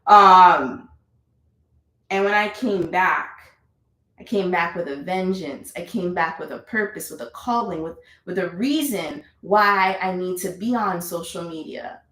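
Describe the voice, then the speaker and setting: A woman's voice: lowish voice, a little slow, fairly bright tone, roomy sound, low-quality recording. A woman leading a live yoga class, chatty and encouraging, repeating her cues. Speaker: yoga instructor.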